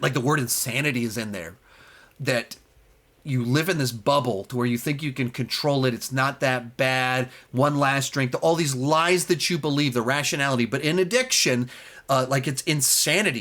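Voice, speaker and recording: A man giving a casual spoken film review, animated and emphatic, with many fillers and restarts. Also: medium pitch, moderate pace.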